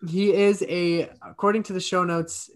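A man's voice: sits high, flat delivery, normal speed. A man hosting a comedy podcast, rambling with many stammers and restarts. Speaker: podcast host. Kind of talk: improvised comedy chat.

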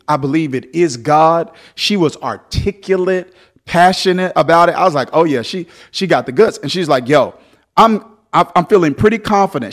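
A man preaching a sermon as pastor, swinging between loud, lively exhortation and softer storytelling. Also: fairly high pitch.

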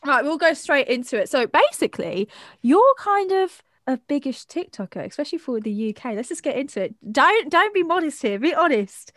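Bright, giggly young woman. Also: high voice, sing-song, brisk, no echo, clean studio sound. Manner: giggly, chatty. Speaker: podcast co-host. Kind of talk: casual chat.

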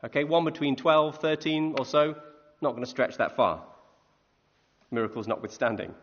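A man preaching a conversational sermon, animated, often asking his listeners questions. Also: medium pitch, moderate pace, slight background noise. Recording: echoey hall, dull lo-fi sound.

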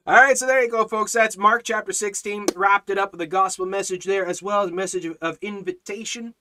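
A man teaching a Bible study and preaching urgently, in a lively, animated way. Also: sits high, fairly quick, hardly any pauses. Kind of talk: evangelistic preaching and live-stream Bible study.

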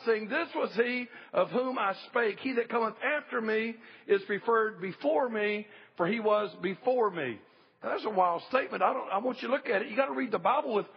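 A man's voice: high voice, gravelly, husky, lo-fi sound. A male pastor preaching a sermon in a church service, emphatic, repeating key phrases and calling for amens.

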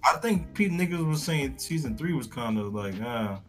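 A man's voice: medium pitch, normal speed. Easygoing podcast man with faint music. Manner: relaxed, brief replies, swears casually. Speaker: podcast co-host. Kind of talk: casual chat.

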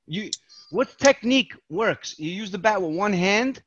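A man's voice: sits high, lively intonation, unhurried, fairly bright tone, breathy edge, lo-fi sound. A man from New York, a podcast host, telling rambling profane stories in casual chat.

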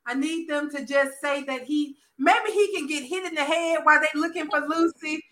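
A high, bright-toned woman, talking in a loose, casual chat. She is blunt and profane, leaning hard on words for emphasis. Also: moderate pace. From American South. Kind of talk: casual chat recapping a soap opera.

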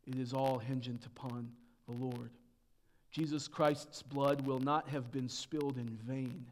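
A man preaching a sermon as pastor, dropping to hushed tones and then building to loud, emphatic peaks. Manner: swings from hushed to booming emphasis.

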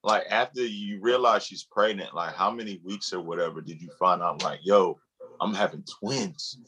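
A man's voice: deep voice, moderate pace, pushed and bright. A man chatting casually with a friend, throwing in slangy interjections. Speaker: friend in conversation. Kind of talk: casual chat.

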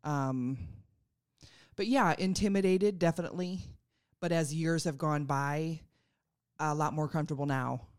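Middle-aged woman guest, low voice, easygoing chat, dry close mic. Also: a little slow, no room sound. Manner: easygoing, laughs easily. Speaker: guest, host's mother. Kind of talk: casual podcast chat.

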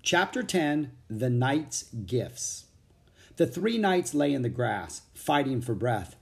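A man reading a children's book aloud as audiobook narrator, with an expressive, animated storytelling manner. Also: medium pitch, takes it slowly, vocal fry.

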